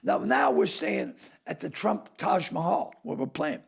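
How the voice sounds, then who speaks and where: Gravelly Boston man spinning brash stories. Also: on the high side, lively intonation, unhurried. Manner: brash, profane storyteller who acts out quotes. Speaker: comedian and actor guest. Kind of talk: storytelling in casual podcast chat.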